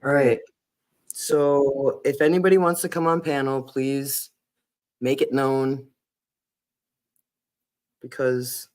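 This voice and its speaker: A man hosting a casual livestream chat, talking earnestly and hesitantly with many fillers and restarts. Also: medium pitch. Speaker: livestream host.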